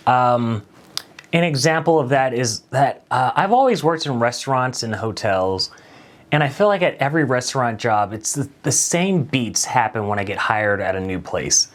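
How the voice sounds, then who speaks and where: Male host, storytelling monologue, casual and self-deprecating, lively swooping pitch. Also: moderate pace. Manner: animated, conversational, self-deprecating. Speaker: late-night show host.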